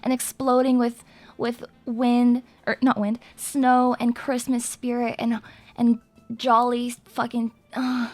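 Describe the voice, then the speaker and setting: A woman's voice: a little high, completely flat delivery, takes it slowly, darkish tone, soft background music. A young woman streaming live, chatting in a hyper, rambling and crude way with her viewers. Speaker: VTuber streamer. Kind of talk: casual live-stream chat.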